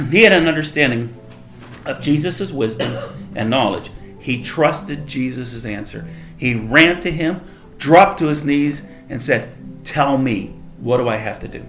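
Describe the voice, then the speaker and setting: A man's voice: mid-range voice, gravelly, a bit bright, echoey room. A man leading a casual Bible study, reading verses aloud and explaining them in a conversational way. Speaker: Bible teacher.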